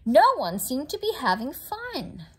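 A woman reading a children's storybook aloud for a library, slowly and expressively. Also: high-pitched, wildly swooping pitch.

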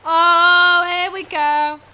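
Casting: woman, very high bright voice, skittish horror-game commentary, swears and yelps. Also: level tone, extremely slow, faint music behind. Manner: jumpy, swears and screams at scares. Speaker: gamer. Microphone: headset.

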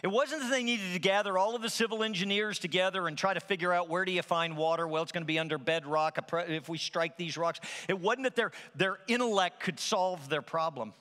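Bright-voiced pastor in a reverberant hall. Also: male voice, high voice, fairly quick, few pauses. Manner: animated storytelling with acted-out quotes. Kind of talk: sermon. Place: large church hall.

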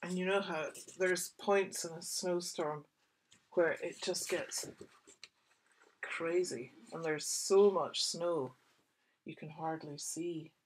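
A woman, a children's author, reading her picture book aloud for young children with expressive, whispery asides. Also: lowish voice, takes it slowly, slight background noise.

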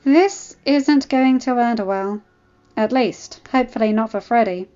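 A fierce teenage gang girl, as a woman reads her lines snaps in a high, sharp voice. The recording is dull and lo-fi. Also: a little slow, smooth, lightly acted.

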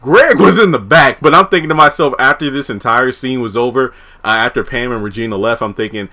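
A young man casually recapping a TV episode, animated, laughing often and acting out the characters' lines. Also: medium pitch, a little fast. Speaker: TV episode reviewer.

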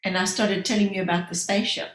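A woman's voice: medium pitch, steady tone, fast talker, a bit bright. Woman speaking in an echoey room. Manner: interjecting to share her own memory. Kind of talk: casual conversation.

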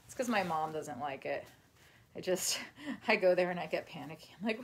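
A woman's voice: lowish voice, lively intonation, moderate pace, slightly rough. A chatty woman live streaming from her home as she folds laundry. She rambles loosely from one thought to the next and laughs often. Now and then she breaks off to talk to her dog. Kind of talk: casual live-stream chat. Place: at home while folding laundry.

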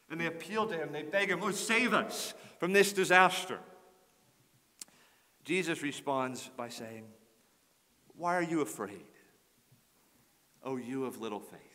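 A man preaching a sermon as pastor, earnest and building to forceful emphasis. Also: a little high, big-room sound. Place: church sanctuary.

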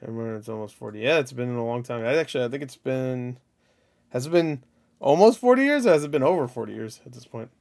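A young man casually chatting on a live stream and reading out viewer comments, joking and crude, sometimes mumbling and sometimes breaking into loud mock outbursts. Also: medium pitch, expressive, quick pace, gravelly.

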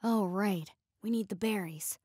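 A woman's voice: mid-range voice, a little slow, a little mellow, breathy edge, dry recording, clean studio sound, pitched below the performer's own voice. A woman voicing a flustered, hot-tempered male alien cook who mutters to himself and cries out in panic, in a storybook narration. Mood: muttering.

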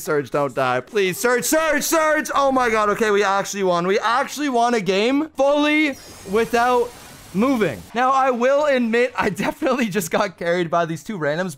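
Excitable high-voiced young gaming commentator. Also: male voice, moderate pace. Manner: excitable, swings into pleading shouts. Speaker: gaming YouTuber. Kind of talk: gameplay commentary.

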